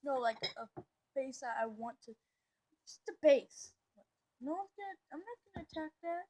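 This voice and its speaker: A woman giving excitable, rambling gameplay commentary, full of slang and fillers. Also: high voice, fairly quick. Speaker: gameplay video host.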